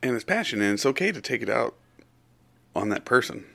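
A man's voice: mid-range voice, very animated, fairly quick, gravelly, sharp tone. A man co-hosting a satirical podcast chat, dry and mock-indignant, cursing casually. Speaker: podcast co-host.

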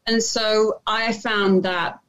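A woman's voice: mid-range voice, steady tone, slow pace, a bit bright, rough recording. A woman with a British accent, an actress guest chatting casually in an interview, with frequent fillers and restarts. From England.

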